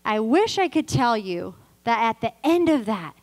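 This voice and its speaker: A Californian woman in her thirties gives a guest sermon at church, telling her own story and animatedly voicing the dialogue. Her voice is on the high side at a moderate pace, captured in a low-quality recording.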